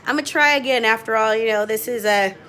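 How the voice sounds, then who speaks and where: A young woman vlogging as she bakes at home in her kitchen, chatty and excitable, and she laughs often. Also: on the high side, a little fast, a little hiss or hum. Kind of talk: casual home baking vlog.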